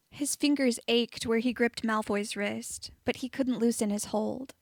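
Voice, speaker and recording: A woman reading fan fiction aloud in a steady, even narration. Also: on the high side, a little slow, few pauses, no room sound. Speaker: audiobook reader of fan fiction.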